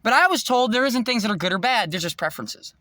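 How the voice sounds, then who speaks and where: Intense preachy male vlogger, high and very animated delivery. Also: fast, no room sound. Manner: intense, preachy, swears freely. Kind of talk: rambling spiritual monologue.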